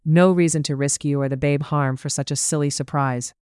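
An audiobook narrator voicing a calm, caring gentleman guiding his wife. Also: medium pitch, a little fast, clear, resonant tone, no echo, studio quality, close to an everyday voice.

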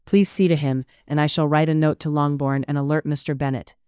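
A reserved, proud gentleman of the old gentry, speaking in clipped, formal lines, voiced by an audiobook narrator. The sound is smooth, close and dry, with no room around it. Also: medium pitch, fairly even intonation, brisk, dry recording, natural voice. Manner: curt, formal. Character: stoic, curt proud gentleman. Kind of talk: audiobook character reading.

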